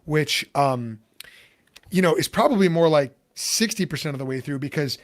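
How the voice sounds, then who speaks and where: A man hosting a casual podcast interview out of Chicago, USA, talks expressively at a moderate pace in a fairly high voice. He's chatty and rambling, with many fillers and restarts.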